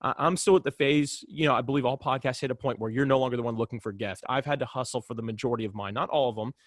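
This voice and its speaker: A man's voice: mid-range voice, fairly even intonation, rapid-fire, dry recording, clean studio sound. A man as a podcast guest, telling a story in casual talk and acting out both sides of the conversations.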